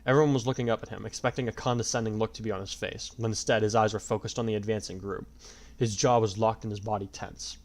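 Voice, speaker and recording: A man's voice: on the low side, fairly even intonation, quick pace, a little mellow. A man reading a fan fiction story aloud as narrator in a plain storytelling voice.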